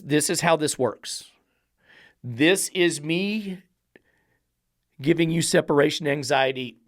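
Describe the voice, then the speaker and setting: A dog trainer with a mid-range voice delivers an instructional monologue, lecturing in a blunt, profane, emphatic way packed with rhetorical questions. The recording is dry, with clean studio sound.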